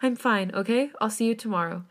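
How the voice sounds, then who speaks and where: A woman reading as a frightened, tearful young woman in a story podcast, pleading with her voice pitched up. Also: a little fast, close to an everyday voice.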